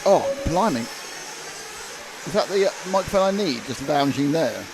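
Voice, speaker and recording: A man's voice: on the high side, normal speed, noisy background. A man co-hosting casual live race commentary, joking and rambling through banter with his co-host. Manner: jokey, rambling, animated banter. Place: indoor RC race track venue.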